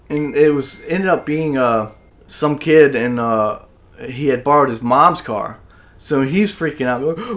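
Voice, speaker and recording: A man's voice: medium pitch, moderate pace, fairly bright tone. Profane young man telling a rambling story. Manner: rambling, profane, acts out his own lines. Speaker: podcast co-host. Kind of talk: casual storytelling.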